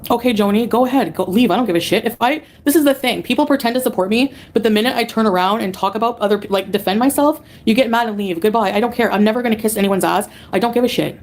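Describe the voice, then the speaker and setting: A woman's voice: fairly high pitch, fast talker, few pauses, a little hiss or hum. A woman livestreamer ranting angrily at her chat, profane and dismissive.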